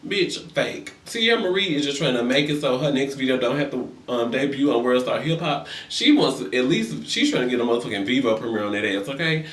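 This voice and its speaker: A man's voice: medium pitch, lively intonation, a little fast, few pauses. A young man recapping reality TV in a sassy, profane gossip rant, acting out other people's lines. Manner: sassy, profane, acts out quoted voices. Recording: echoey room, far from mic.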